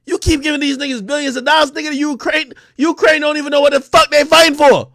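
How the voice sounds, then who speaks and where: A man hosting an unscripted livestream, talking in an animated, profane way and mocking people with quick impressions. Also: very high voice, dry recording, clean studio sound. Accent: New York. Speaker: livestream host.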